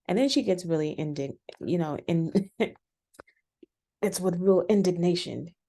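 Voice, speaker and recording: A woman casually recapping a reality show episode, chatty and animated, with frequent restarts. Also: on the low side, unhurried, creaky. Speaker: reality TV reviewer.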